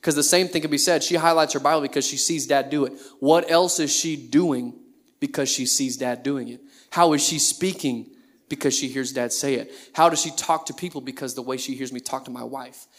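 A man's voice: mid-range voice, fairly even intonation, a little fast. A man in his thirties, a pastor preaching a sermon in a conversational way, full of rhetorical questions.

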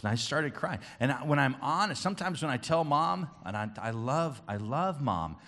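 A man preaching a children's church sermon, booming and playful with the kids, then dropping soft and earnest. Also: lively intonation, normal speed. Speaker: children's pastor.

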